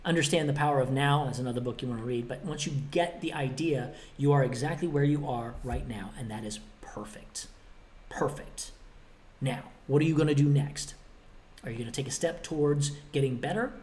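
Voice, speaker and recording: A man's voice: medium pitch, a little fast, darkish tone. Guy doing a motivational podcast, punchy and blunt, kinda cheeky. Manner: emphatic, plays out both sides of imagined exchanges. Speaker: podcast host.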